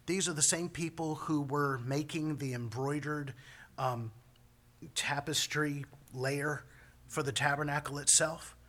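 A man's voice: on the high side, steady tone, unhurried, fairly bright tone. A man preaching a sermon as pastor, talking in a folksy, conversational way with homespun phrases.

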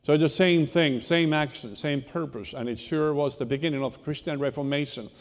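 Pastor preaching in a reverberant church. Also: male voice, on the high side. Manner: unhurried, halting delivery with repeated restarts. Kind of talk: sermon. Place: church sanctuary.

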